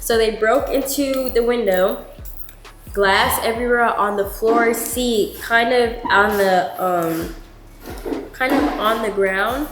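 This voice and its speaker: A woman vlogger telling a story in a chatty, animated way, full of filler words. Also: on the high side, slow, soft background music. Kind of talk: storytime vlog. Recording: roomy with background noise.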